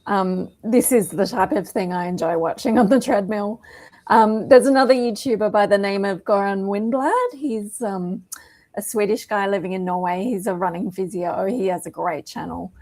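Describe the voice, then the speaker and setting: Woman, podcast co-host, casual chat, enthusiastic, mid-pitched. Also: moderate pace, darkish tone.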